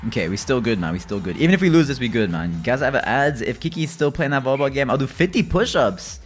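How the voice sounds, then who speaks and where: A male game streamer talking from home in a loose, rambling way, full of swearing. He drops into low mutters, then flares up into loud rants. His voice sits at an ordinary middle pitch, with faint music playing underneath. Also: expressive, quick pace. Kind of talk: casual live-stream chat while gaming.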